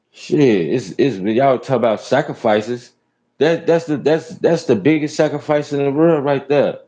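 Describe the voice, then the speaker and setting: A man from Chicago rants from inside his car with a fairly low, dark, mellow voice. His commentary is loose and heavy on profanity. He keeps punctuating it with "real talk.". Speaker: rideshare driver and show host.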